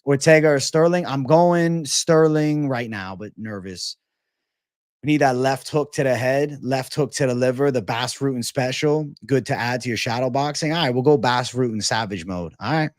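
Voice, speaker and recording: A man's voice: mid-range voice, moderate pace, no room sound. A man hosting an MMA livestream in casual, profane, hyped chat full of slang.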